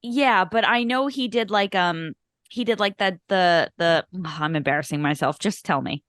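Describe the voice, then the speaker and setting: A woman's voice: medium pitch, normal speed, a bit bright, no room sound. A woman in her thirties hosts a movie podcast in easy, rambling chat. She trips over her words and laughs at herself. Her voice sits in a middle register and is recorded dry and close. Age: 30s. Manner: rambling, self-deprecating, lots of fillers. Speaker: podcast co-host. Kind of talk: casual chat.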